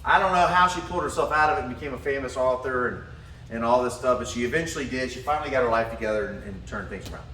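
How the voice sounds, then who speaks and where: Fast and forceful, with a bright, medium-pitched voice, a man gives a motivational talk, narrating a story animatedly and laughing often. The recording picks him up from a distance, echoing in the room with slight hiss or hum.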